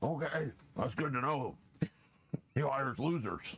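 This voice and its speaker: A man playing a tabletop game, playful and animated. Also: medium pitch, a little slow, noisy background. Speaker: player.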